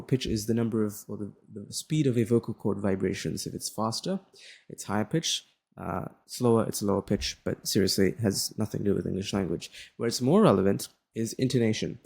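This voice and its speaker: A young man teaches in an easygoing, conversational way, tossing in "right?" and filler sounds as he goes. His voice sits fairly low, with a gravelly, slightly husky texture. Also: brisk. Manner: relaxed, repeats "right?" and "uh" often. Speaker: tutor. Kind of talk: casual explanatory lesson.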